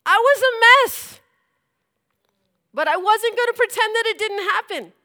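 A woman preaches a testimony with a high, sharp voice. She tells it in an animated way, acting out each scene and laughing between lines. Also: unhurried. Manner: animated storytelling, acts out scenes. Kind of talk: testimony sermon.

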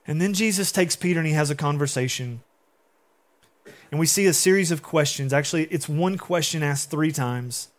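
A man's voice: a little high, normal speed. A young adult man preaching a sermon in a casual, conversational way, acting out quotes. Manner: conversational, acts out quotes in different voices. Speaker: pastor.

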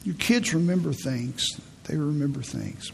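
Raspy pastor with gravelly voice. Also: male voice, on the high side, a little slow, long reverb tail. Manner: storytelling, humorous, laughs at own stories. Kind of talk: folksy sermon.

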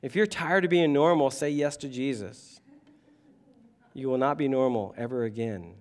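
A man preaching a sermon, animated and conversational, with humor and asides to the congregation. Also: mid-range voice, moderate pace. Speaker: pastor.

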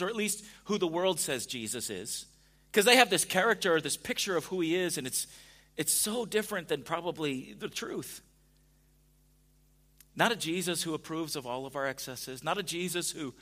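A man preaching a sermon in a conversational way, dropping to a hush at times and rising to emphatic points. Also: fairly high pitch. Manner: conversational, swings from hushed to emphatic. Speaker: pastor.

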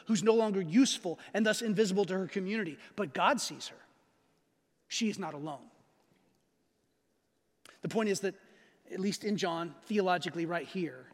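A man's voice: high-pitched, fairly bright tone, long reverb tail. A man preaching a sermon to his congregation in a conversational way, often checking in with "right?". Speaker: pastor.

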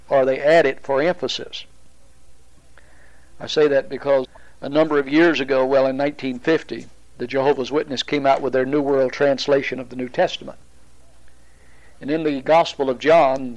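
A man teaching a Bible study, explaining at a deliberate pace with pauses and restarts. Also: medium pitch, muffled recording.

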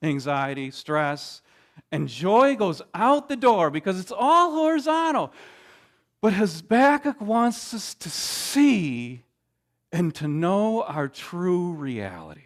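A man preaching a sermon, emphatic, with dramatic pauses and frequent restarts. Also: high voice, big pitch swings. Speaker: pastor.

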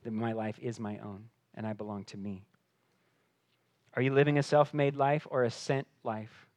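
A man preaching a sermon, swinging between hushed, intimate passages and loud, emphatic declarations. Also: medium pitch, steady tone, moderate pace, no room sound. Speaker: pastor.

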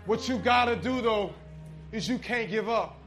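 A male preacher with a very high voice, telling stories in a loose, conversational way. He swings from loud emphasis down to hushed intensity. Soft music plays faintly behind him. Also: moderate pace. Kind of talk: sermon.

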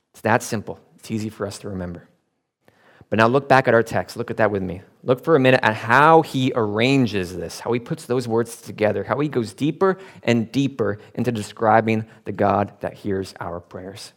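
Male preacher, lowish voice, reads scripture then swells to emphatic points, relaxed when telling stories. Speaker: pastor. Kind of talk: sermon.

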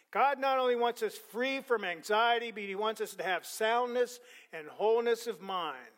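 A man preaching a sermon, reading scripture aloud, repeating words for emphasis and letting his voice fall softly at the ends of phrases. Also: high-pitched. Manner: repeats words for emphasis, quick conversational asides.

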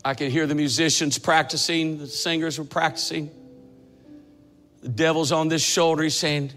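A man in his sixties preaching a testimony sermon, telling his story dramatically and building to fervent shouting. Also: on the high side, fairly even intonation, moderate pace. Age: 60s. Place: church sanctuary. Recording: echoey church hall with faint music.

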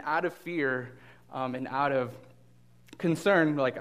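A man giving a sermon as a guest preacher. He talks in a loose, conversational way, full of ums and restarts, and gets lively while telling stories. His voice has an ordinary, mid pitch. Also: slow, pauses often. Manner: casual and animated, with frequent fillers and restarts. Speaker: guest pastor.

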